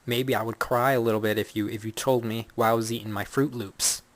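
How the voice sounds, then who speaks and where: A man's voice: mid-range voice, fairly even intonation, quick pace, no echo. A young man hosting his own podcast, talking through a rambling, self-deprecating comic monologue and acting out the dialogue. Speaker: podcast host.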